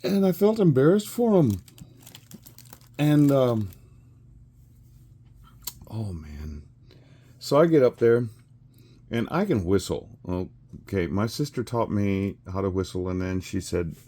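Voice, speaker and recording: A man's voice: low voice, dark tone. A man in his sixties telling a rambling story with chuckles and fillers while he works on a craft. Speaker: resin crafter.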